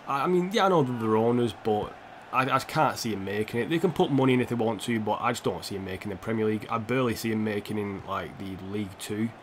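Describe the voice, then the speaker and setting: A man's voice: lowish voice, fast talker, few pauses, slight background noise. A young man live-streaming a football game, rambling and opinionated, swearing freely as he plays. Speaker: gaming streamer.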